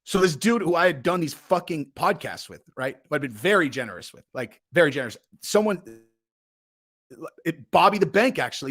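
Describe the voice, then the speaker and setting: A young man hosts his own vlog, his voice a little high, slightly bright and husky. He tells a rambling, heated story full of profanity and filler words, ranting casually to his channel.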